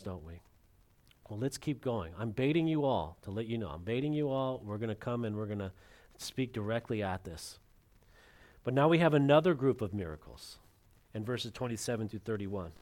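A pastor delivers a sermon in a medium-pitched voice. He acts out the quotes and swings from loud, raised lines to quiet, dropped ones. His delivery is dramatic.

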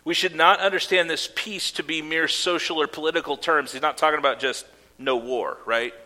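Bright-voiced preacher in a reverberant hall. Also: male voice, on the high side, fairly even intonation, brisk. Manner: earnest preaching with casual asides and fillers. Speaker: pastor. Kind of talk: sermon.

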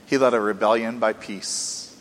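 A man's voice: lowish voice, fairly even intonation, normal speed. Earnest preacher man in a reverberant hall. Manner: earnest, rising and falling with emphasis, rhetorical questions. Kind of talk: sermon.

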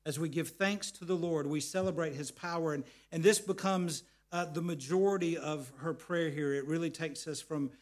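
High-voiced man preaching. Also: fairly even intonation, normal speed, hardly any pauses. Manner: earnest, repeats words, tells family stories. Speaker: pastor. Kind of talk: sermon.

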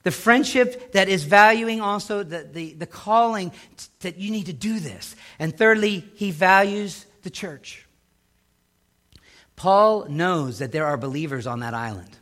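A middle-aged man preaching a sermon as pastor, swinging between loud emphatic lines and hushed low asides. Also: lively intonation, moderate pace.

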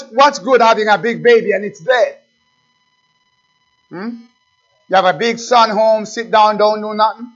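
A man preaching a sermon as pastor, swinging from shouted exhortation to hushed pleading. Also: sits high. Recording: dull lo-fi recording.

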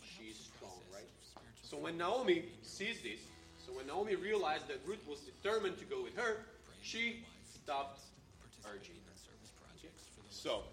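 A man gives a conversational Bible study, walking through the passage step by step and checking in with his listeners as he goes. His voice sits at an ordinary middle pitch. The recording is roomy, and he sits back from the microphone. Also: fairly bright tone, far from the mic. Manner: explains step by step, checks in with "okay?" and "right?". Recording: roomy, speaker away from the mic.

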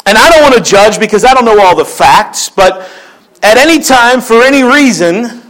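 High-voiced preacher, joking. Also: male voice, a bit bright, low-quality recording. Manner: joking, conversational storytelling. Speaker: pastor. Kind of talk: sermon.

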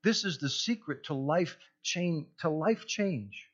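Man, pastor, sermon, impassioned, shifts from loud to hushed, slightly high voice, muffled lo-fi audio. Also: lively intonation, slow, breathy edge. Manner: impassioned preaching, rising to near-shouts and dropping to hushed tones.

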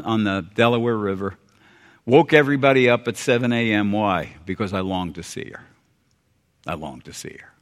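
An older American man preaching a sermon, earnest and folksy, repeating phrases and dropping suddenly quiet for emphasis. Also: fairly low pitch. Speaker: pastor. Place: church sanctuary. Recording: long hall reverb.

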